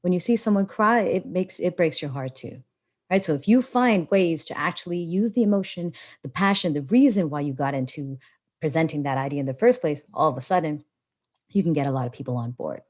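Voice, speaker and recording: Animated woman coaching public speaking. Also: low-pitched, a little fast. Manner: animated, expressive delivery with wide swings in tone. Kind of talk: live webinar teaching. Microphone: laptop on a video call.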